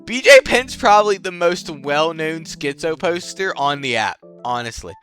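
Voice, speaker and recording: A man's voice: on the high side, lively intonation, normal speed, fairly bright tone, faint music behind. A young man giving casual, slangy commentary as a channel host, rambling, swearing freely and laughing at his own jokes. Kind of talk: casual tier-list commentary.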